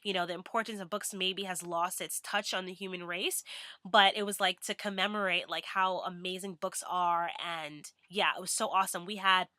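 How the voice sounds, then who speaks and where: A woman's voice: on the low side, steady tone, normal speed, sharp tone, no room sound, studio quality. A young woman vlogging in a bubbly, rambling way with many fillers. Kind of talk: casual chatty vlog.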